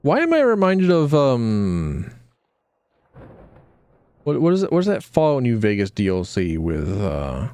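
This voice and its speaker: A male streamer chatting casually over a game, with a lively, bouncing pitch. He jokes crudely and often trails off in the middle of a thought. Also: unhurried, long pauses, clean tone. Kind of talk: casual gaming commentary.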